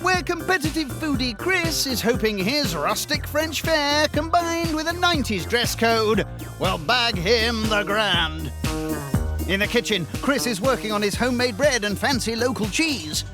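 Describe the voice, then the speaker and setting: A man's voice: very high-pitched, lively intonation, a little slow. A man narrating a reality cooking show in voice-over, with dry, teasing quips. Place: voice-over booth. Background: music bed.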